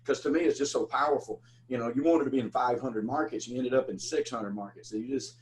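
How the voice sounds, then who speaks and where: Male host, mid-pitched, loose storytelling delivery. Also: quick pace, a little hiss or hum, low-quality recording. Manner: rambling, stammering restarts, storytelling. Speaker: podcast host. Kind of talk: casual interview chat.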